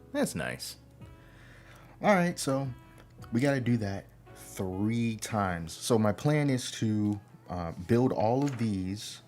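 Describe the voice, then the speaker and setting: A man with a fairly low voice talks in a slow, unhurried way, thinking aloud and humming little tunes as he works through a build at home. Faint music plays behind him. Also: a little mellow. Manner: unhurried, thinks aloud, hums to himself while working. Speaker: livestream host building a model kit. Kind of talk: casual livestream chat. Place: indoor home room.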